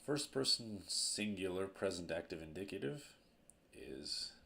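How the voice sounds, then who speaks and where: A man with a very low voice gives a grammar lesson at a board. He goes through each verb form slowly and deliberately, repeating as he writes. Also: lively intonation, vocal fry, bright, forceful tone, a little hiss or hum. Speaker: teacher.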